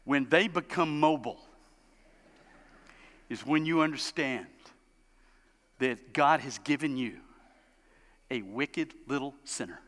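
A man preaching a sermon as a pastor, animated and storytelling, acting out the people he describes. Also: slow pace, long pauses. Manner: animated, acts out quoted parents in high voices. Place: church sanctuary. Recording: long hall reverb.

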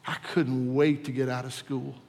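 A man from Virginia preaching a sermon as a pastor, telling a personal testimony that swings from hushed to impassioned. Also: medium pitch, flat delivery, moderate pace, vocal fry, big-room sound. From Virginia, USA.

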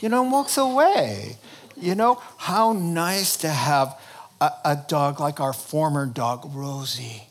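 Animated, humorous preacher man. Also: on the high side, slow. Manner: animated, humorous storytelling with frequent restarts. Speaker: pastor. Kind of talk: sermon.

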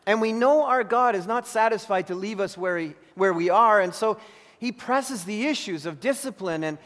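High-voiced male pastor, impassioned sermon delivery, recorded in a reverberant church hall. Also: moderate pace. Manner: impassioned, voicing anguished prayer then calm teaching.

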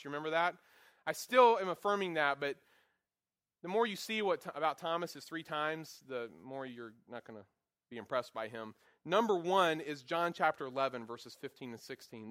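Male Bible teacher, slightly high voice, playful lecturing with acted-out quotes. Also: no room sound, clean studio sound. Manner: animated, acts out quotes with voices; jokey, self-deprecating asides.

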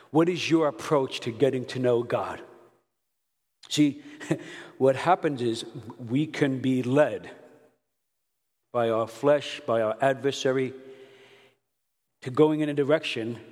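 A man preaching a sermon, animated, telling stories and breaking into loud outbursts. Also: medium pitch. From Brooklyn, New York. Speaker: pastor. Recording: long hall reverb.

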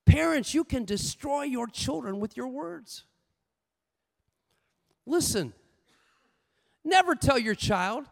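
A man preaching a sermon with lively storytelling, swinging between loud bursts and hushed asides. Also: extremely high pitch, slow, creaky, pauses often, long reverb tail.

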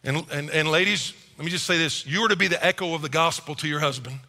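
A middle-aged male pastor preaching a sermon in a church, animated and acting out quick quoted voices. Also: on the high side. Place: church auditorium. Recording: reverberant church hall.

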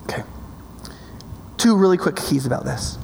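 Male preacher, high voice, emphatic and conversational, long hall reverb. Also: expressive, moderate pace, creaky, a little mellow, slight background noise. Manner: emphatic, conversational, keeps asking "right?". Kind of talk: sermon.

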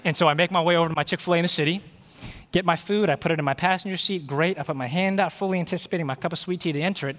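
A male pastor delivers a sermon to his congregation, telling stories and acting out the dialogue in them. His voice sits a little high, and he speaks in a big reverberant sanctuary with a long echo trailing each phrase. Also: rapid-fire. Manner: animated, acts out quoted dialogue. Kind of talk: sermon with storytelling. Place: church sanctuary. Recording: reverberant hall.

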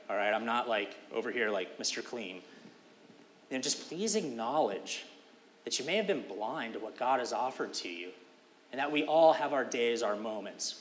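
A man's voice: mid-range voice, fairly bright tone, in a large hall, a little hiss or hum. A man giving a sermon as pastor, talking in a conversational, emphatic way with casual fillers.

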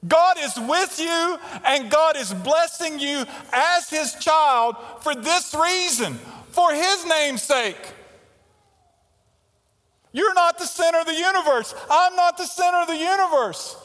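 High-voiced preacher in a big hall. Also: male voice, slow pace. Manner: impassioned preaching, swings from loud to hushed. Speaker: pastor. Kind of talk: sermon. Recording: reverberant hall.

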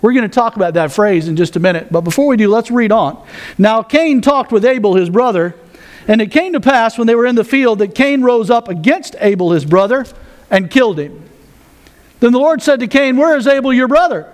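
A man's voice: extremely high pitch, animated, fairly quick. A man pastor preaching a sermon, folksy with joking asides, reading scripture aloud.

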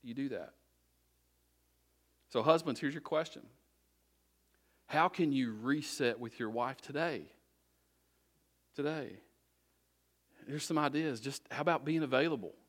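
A man's voice: mid-range voice, measured pace, long pauses, a bit bright. A middle-aged man preaching a sermon as a pastor, talking conversationally and repeating short exhortations.

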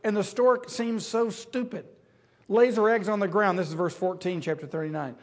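Emphatic preacher with swinging dynamics. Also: male voice, high-pitched, steady tone, moderate pace. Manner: emphatic, swings from loud rhetorical questions to hushed intimate tones. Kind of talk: sermon.

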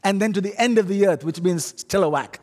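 Middle-aged Indian-accented man preaching, playful and animated, fairly high voice, long hall echo. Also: fast talker. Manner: humorous, animated, audience-teasing. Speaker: guest preacher. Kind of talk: sermon.

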